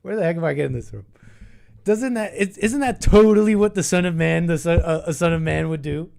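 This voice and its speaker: A young man hosts a call-in show in a voice pitched a little high for a man. He rambles and thinks out loud, restarting his sentences and getting animated as he goes. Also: a little fast, vocal fry. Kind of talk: casual call-in talk.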